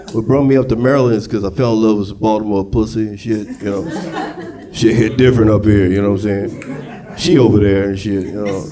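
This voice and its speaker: A male stand-up comedian doing a profane, conversational set on stage, now and then breaking into shouts, with audience laughter throughout. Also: medium pitch. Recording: live club crowd laughter.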